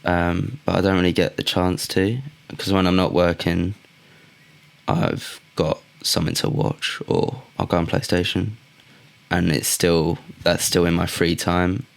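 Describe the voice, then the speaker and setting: A young man with a very deep voice co-hosts a casual podcast. His voice has a gravelly fry. He speaks in a laid-back, unhurried way and often pauses on "um". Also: level tone. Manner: laid-back, teasing, halting with "um". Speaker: podcast co-host. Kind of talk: casual chat.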